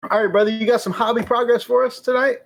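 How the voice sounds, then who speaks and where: A man's voice: extremely high pitch, fairly even intonation, fast talker, vocal fry. A man hosting a hobby live stream, reading viewer comments aloud and laughing often in casual chat.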